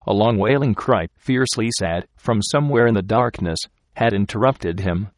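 A man reading a story aloud with steady, measured narration. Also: lowish voice, no room sound, studio quality. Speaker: audiobook narrator. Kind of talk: scripted narration.

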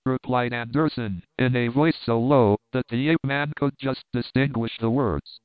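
Male audiobook reader, smooth clear voice, tinny phone-like sound, dry. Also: medium pitch, no room sound. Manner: steady, measured reading. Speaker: audiobook narrator. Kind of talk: scripted narration.

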